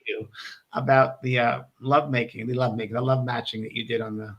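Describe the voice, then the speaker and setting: A man's voice: mid-range voice, level tone, a little fast, gravelly, dull audio, crowd noise. A man hosting a casual interview, asking questions in a playful, teasing way. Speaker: host and medium.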